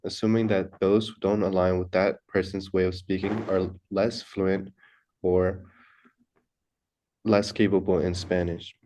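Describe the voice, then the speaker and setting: A man's voice: deep voice, a little mellow, slight background noise. A young man reading a class presentation from a script, stumbling and restarting words now and then. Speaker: student presenter.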